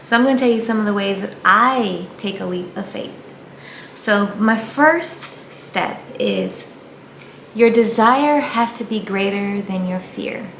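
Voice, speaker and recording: Earnest woman with a gravelly edge. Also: mid-range voice, a little slow, fairly bright tone. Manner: earnest, encouraging, addresses viewers directly. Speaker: faith vlogger. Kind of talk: casual motivational talk to camera. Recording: echoey room with faint ambient noise.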